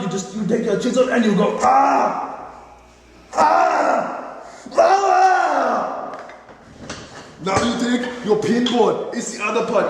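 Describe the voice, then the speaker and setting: A man with a high voice teaches hand woodworking, with a teasing, mock-macho sense of humor. He talks through each step of the demonstration. His voice rings around a big echoey hall, with steady noise behind it. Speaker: woodworking instructor. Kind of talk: hands-on workshop demonstration. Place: workshop.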